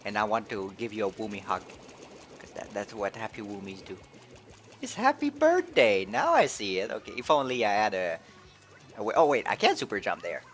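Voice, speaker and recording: A man streaming a video game live, chatting playfully and excitedly. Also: fairly low pitch, a little fast. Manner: playful, excitable, switching between English and French. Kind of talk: casual live-stream commentary.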